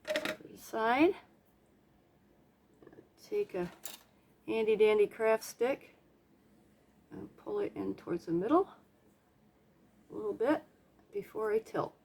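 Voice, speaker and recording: A woman's voice: mid-range voice, big pitch swings, slow, long pauses, darkish tone, slightly rough. Chatty woman narrating a paint pour. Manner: chatty, self-deprecating, hums and makes playful sound effects. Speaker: craft vlogger. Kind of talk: casual narration while painting.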